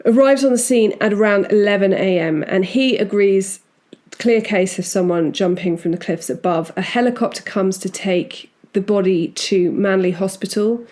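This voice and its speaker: Woman podcast host, relaxed and chatty, mid-pitched, with frequent asides while recounting a case. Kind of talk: casual true-crime storytelling.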